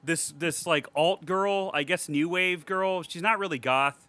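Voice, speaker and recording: A man's voice: fairly high pitch, a little slow, pushed and bright, clear, resonant tone. A man co-hosting a podcast, chatting casually about a horror movie in a rambling, profane way with frequent laughter. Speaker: podcast co-host.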